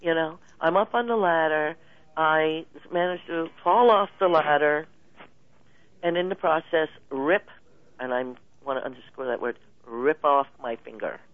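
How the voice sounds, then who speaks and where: A woman guest telling stories in a casual interview, lively and laughing often. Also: low-pitched, measured pace, no echo. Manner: animated storyteller, laughs often. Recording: tinny phone line, dry.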